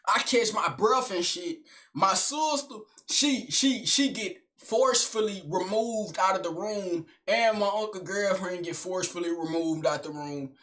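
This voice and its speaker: A young man recounts a family fight in loose, slangy street talk, animated and blunt. His voice sits high and bright, with a sharp edge when he gets worked up. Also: a little slow. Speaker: storyteller. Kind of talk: casual storytime vlog.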